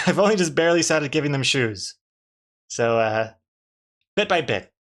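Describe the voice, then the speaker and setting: A man's voice: fairly high pitch, lively intonation, measured pace, fairly bright tone. A man, a comic artist, chatting casually to his live-stream viewers while drawing, rambling and restarting his sentences with dry jokes.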